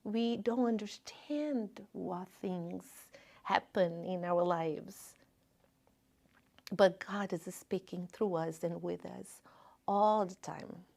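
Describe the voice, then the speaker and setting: A woman in her fifties giving an informal spiritual talk at a spiritist center, with personal stories and gentle humor. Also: lowish voice, takes it slowly, gravelly. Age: 50s. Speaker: spiritist lecturer. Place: lecture room at a spiritist center.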